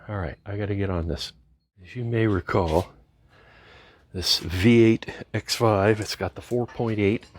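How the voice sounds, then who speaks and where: A man's voice: on the low side, darkish tone, no room sound. A man talking casually through a DIY car repair in his garage, rambling and joking wryly as he works. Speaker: home mechanic vlogger.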